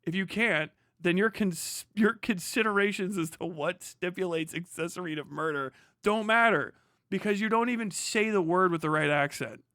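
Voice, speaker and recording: A man's voice: high voice, normal speed, bright, forceful tone, no echo, studio quality. Mocking, profane American streamer man. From United States. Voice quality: mocking, profane, laughs often. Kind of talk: profane sarcastic rant reacting to a clip.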